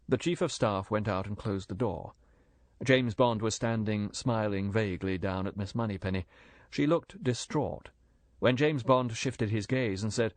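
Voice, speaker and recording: A man narrating an audiobook in a measured, clear reading. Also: on the low side, no echo. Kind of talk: audiobook narration with character voices.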